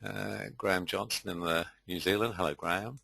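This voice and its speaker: A man hosting a live online webinar, chatty and hesitant, with frequent filler pauses. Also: low-pitched, steady tone, gravelly, sharp tone, no echo, rough recording. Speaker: webinar host and trading tutor.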